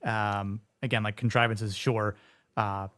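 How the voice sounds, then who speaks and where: A man's voice: lowish voice, little pitch movement, a little slow, a bit bright, dry recording. A man hosting a casual film discussion, rambling along with lots of fillers and restarts.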